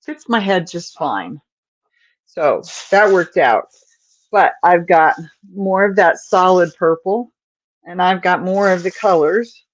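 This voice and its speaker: A woman's voice: lowish voice, animated, slow, dry recording, dull audio. A woman hosting a casual crochet livestream, chatting to viewers and muttering to herself as she works stitches, often apologetic. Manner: chatty, distracted, talking to herself while crocheting; apologetic, yawning.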